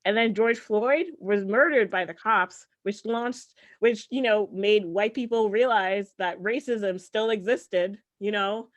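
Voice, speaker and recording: A woman does stand-up on a comedy show stage, medium-pitched and measured, with few pauses. Her delivery is sarcastic and chatty, full of "like" and "right?", and the audio is muffled and dull.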